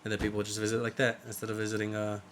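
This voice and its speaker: A man's voice: fairly low pitch, monotone, rapid-fire, a bit bright, slight background noise. A young man co-hosting a casual podcast, rambling loosely and swearing freely. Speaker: podcast co-host. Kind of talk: casual chat.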